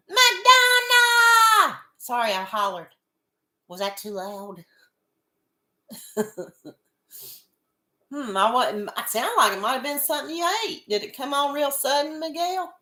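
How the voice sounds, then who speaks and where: A woman's voice: a little high, measured pace, long pauses, fairly bright tone, reverberant. A woman hosting a casual livestream chat, stuffed up with a head cold, greeting viewers by name and chuckling often. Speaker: livestream host.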